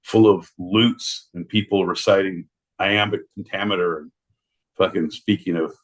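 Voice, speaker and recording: Husky, low-voiced joking podcast man. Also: fairly even intonation, normal speed. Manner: playful, riffs on wordplay, swears. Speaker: podcast co-host. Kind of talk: casual joking chat.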